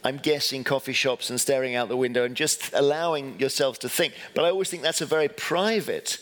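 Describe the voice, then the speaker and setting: A man's voice: medium pitch, fairly quick, a bit bright. A man interviewing an author, eager and chatty, often restarting his sentences. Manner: enthusiastic, chatty, stumbling restarts. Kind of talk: conversational interview.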